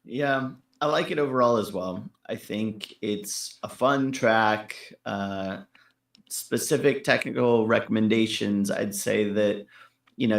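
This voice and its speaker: Slow, gravelly man in an echoey room. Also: on the low side. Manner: laid-back, rambling with fillers, laughs at his own jokes. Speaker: co-host reviewing listener tracks. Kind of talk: casual critique chat.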